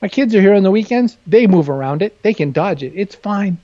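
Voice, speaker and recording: A man's voice: high voice, lively intonation, a little fast, warm tone, dry recording, dull audio. A man talking candidly and with humor as an interview guest, often self-deprecating. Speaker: guest author. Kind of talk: casual interview chat.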